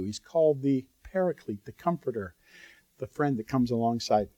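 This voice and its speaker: A man's voice: medium pitch, lively intonation, moderate pace, warm tone, no echo, muffled recording. A man preaching a sermon in a conversational, earnest way, breaking into sudden bursts of emphasis and asides to the audience. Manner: talks straight to the audience with asides.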